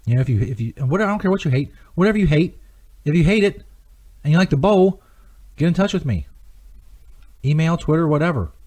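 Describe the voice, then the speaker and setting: A man's voice: on the high side, expressive, a little fast, pauses often, a little mellow. A man hosting a comedy radio show, rambling on in an emphatic, profane way. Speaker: host.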